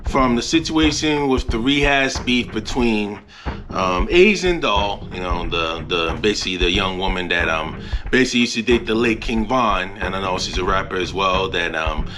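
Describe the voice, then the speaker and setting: A man's voice: on the low side, background noise. A man hosting a commentary video, talking in a rambling way with many fillers. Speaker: host. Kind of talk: commentary monologue.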